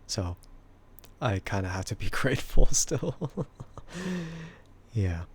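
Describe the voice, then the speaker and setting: Slow, giggly husky-voiced man. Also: lively intonation. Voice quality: husky, bassy voice. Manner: giggly, laughs often between remarks. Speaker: VTuber streamer. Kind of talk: casual stream chat answering viewers.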